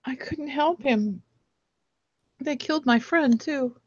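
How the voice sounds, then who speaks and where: A woman's voice: sits high, slow, highs cut off, pitched above the performer's own voice. A woman voicing a young woman adventurer who is choked up and pleading. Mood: tearful.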